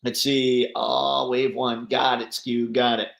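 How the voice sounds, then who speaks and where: A man's voice: mid-range voice, flat delivery, takes it slowly, vocal fry, a bit bright, reverberant. A man hosting a casual livestream, reading viewer comments aloud and chatting back with frequent laughs. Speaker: livestream host reading chat. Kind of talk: casual live chat.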